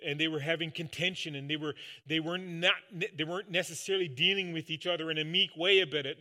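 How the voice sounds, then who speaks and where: A man preaching a sermon in an earnest way, dropping soft and low at times and rising loud for emphasis. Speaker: pastor.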